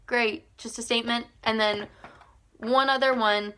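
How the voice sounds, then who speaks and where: A woman teacher giving a recorded language arts lesson, explaining step by step in a patient way, often pausing with "um" and checking in with "okay?". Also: a little high, fairly even intonation, sharp tone, clean tone. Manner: frequent "um" fillers while thinking aloud.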